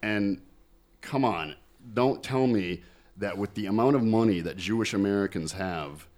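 A man's voice: on the low side, measured pace, darkish tone. A man co-hosting a podcast, talking in a loose, rambling way and swearing now and then. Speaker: podcast co-host. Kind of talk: casual podcast chat.

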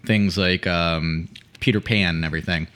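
A man's voice: deep voice, fairly even intonation, moderate pace, a bit bright. A man co-hosting a casual podcast, recapping a story in a hesitant way with many fillers. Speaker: podcast co-host. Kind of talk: casual chat retelling a plot.

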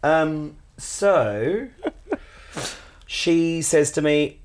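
A man who co-hosts a podcast, telling a story in casual chat and swearing now and then. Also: a little slow. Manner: animated, jumps into high put-on voices for quotes, swears casually. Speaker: podcast co-host.

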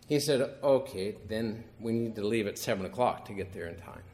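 A man's voice: fairly low pitch, moderate pace, few pauses, a little mellow. A middle-aged male priest giving a homily that starts as a wry, conversational story and moves into teaching.

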